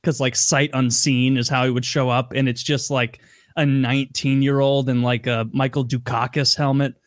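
A man's voice: medium pitch, flat delivery, moderate pace, dry recording, clean studio sound. A man in casual podcast chat, joking and laughing as he talks. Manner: jokey, laughing while talking.

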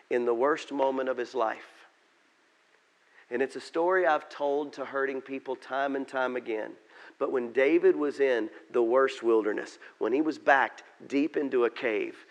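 Gravelly emphatic pastor preaching. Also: male voice, medium pitch. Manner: emphatic, repeats key phrases. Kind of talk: sermon.

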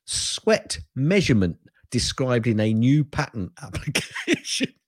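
An older man chatting on a tech podcast in a husky voice that rises and falls a lot. He sounds wry and likes a rant, laughing as he goes. His mic sounds close and dry. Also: medium pitch, very animated, measured pace, dry recording. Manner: wry, ranting, laughs often. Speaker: podcast co-host. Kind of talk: casual tech podcast chat.

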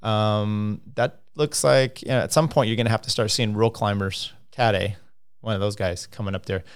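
A man's voice: lowish voice, fairly even intonation, normal speed, clear, resonant tone. A man hosting a casual cycling livestream, rambling with lots of fillers and restarts as he talks through standings and viewer comments.

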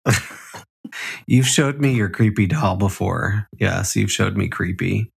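A man's voice: lowish voice, slow pace, gravelly, husky. A man from the Chicago area co-hosting a podcast, trading crude jokes and stories, swearing freely and giggling often. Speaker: podcast co-host. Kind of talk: casual crude banter.

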